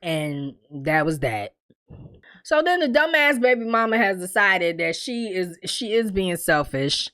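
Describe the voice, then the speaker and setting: A woman hosting a casual TV recap, talking in an animated, blunt and profane way and laughing often. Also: mid-range voice, unhurried. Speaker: TV recap host.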